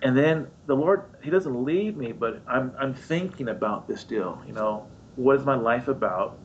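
A man preaches through a personal story, acting out each part with sudden high, excited voices. The recording sounds dull and lo-fi, with a faint rumble underneath. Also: normal speed. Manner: animated storyteller acting out his own voice and others, high squeaky jumps. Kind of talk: sermon storytelling.

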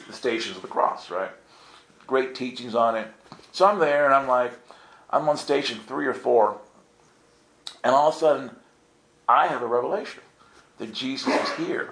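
A man tells stories to a group with lively comic timing. He acts out the voices in his stories and jumps into high, excited outbursts. His voice has a medium pitch and the room around him echoes. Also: normal speed. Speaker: speaker telling stories to a group. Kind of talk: animated storytelling.

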